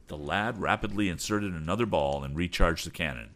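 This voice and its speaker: A man hosting a storytelling podcast, reading an adventure book aloud with expressive narration. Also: low-pitched, a little fast, few pauses. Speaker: podcast host and audiobook reader. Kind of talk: audiobook narration.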